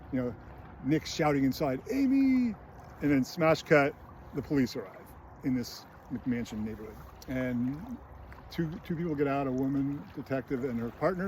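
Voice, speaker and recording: A man's voice: mid-range voice, a little mellow, slight background noise. A man in a casual film critique, recounting scenes in a chatty way with many fillers and brief put-on voices. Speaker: screenwriting channel host.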